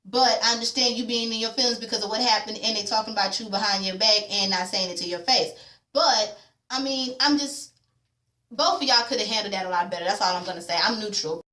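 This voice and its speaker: Woman, blunt and slangy, bright voice, echoey room. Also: medium pitch, brisk. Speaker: vlogger recapping a TV episode. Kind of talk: casual chat.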